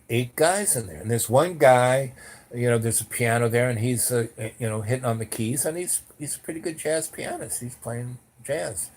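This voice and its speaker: A man tells a personal anecdote in a casual, rambling way, filling it with "you know" and "like." His pitch and loudness shift in lively ways as he goes.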